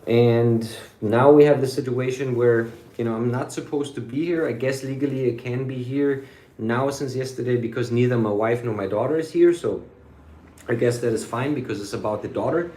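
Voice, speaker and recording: Man, vlogger; loose, rambling and sweary, dark relaxed timbre, roomy echo. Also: medium pitch, normal speed. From United States. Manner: rambling, sweary, drops German phrases. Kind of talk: casual rambling monologue. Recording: echoey room.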